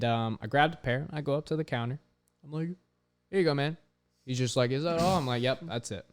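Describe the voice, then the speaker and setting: Young man, podcast host, casual storytelling, lots of swearing, smooth clear voice. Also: mid-range voice. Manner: animated, swears often, heavy use of "like".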